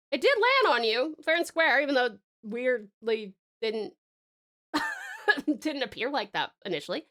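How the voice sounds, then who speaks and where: Bubbly, high-voiced Australian woman streamer. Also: huge pitch swings, measured pace, pauses often, bright, forceful tone. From Tasmania, Australia. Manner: bubbly, giggly, showers chat with pet names. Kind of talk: casual live-stream chat.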